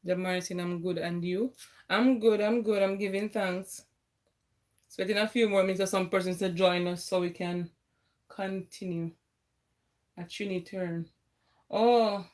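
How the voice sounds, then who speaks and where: A woman's voice: medium pitch, steady tone, unhurried, long pauses, darkish tone. Woman, math tutor, casual livestream, chatty, phone mic. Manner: chatty, laughs often, talks while eating. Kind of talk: casual live-stream tutoring.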